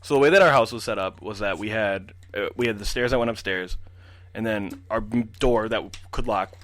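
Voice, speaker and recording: A man in his twenties, a podcast guest, telling a story in casual chat, animated and full of fillers. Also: fairly low pitch, moderate pace, dry recording.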